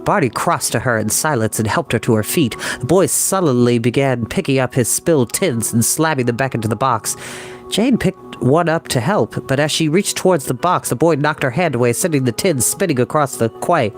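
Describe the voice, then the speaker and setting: A man reading a children's novel aloud as a storyteller, measured and expressive. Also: mid-range voice, faint music behind.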